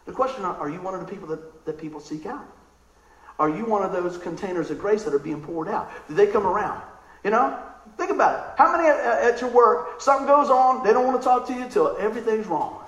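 A man preaching a sermon in an animated, conversational way, telling stories and asking the crowd questions. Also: high-pitched, brisk, roomy sound, rough recording. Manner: animated, excitable storytelling.

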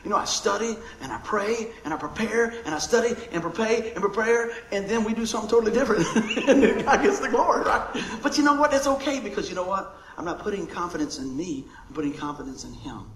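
An older man preaching a sermon as pastor, jokey and animated, laughing often between points. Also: high voice, fast talker, hardly any pauses. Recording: echoey room with faint noise.

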